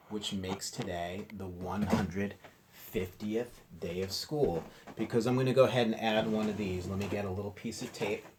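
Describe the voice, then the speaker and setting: A man's voice: on the low side, noisy background. A male teacher leading a morning meeting lesson for young children, explaining step by step in a patient, friendly, playful way.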